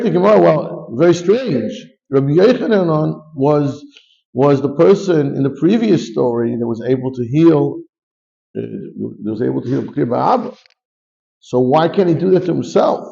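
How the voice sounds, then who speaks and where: A man teaches a Talmud class in a gravelly, mellow voice. He reads Aramaic lines and explains each in English, often starting over mid-phrase. The recording sounds dull and lo-fi. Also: a little high, animated, a little slow. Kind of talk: Talmud class, reading and translating.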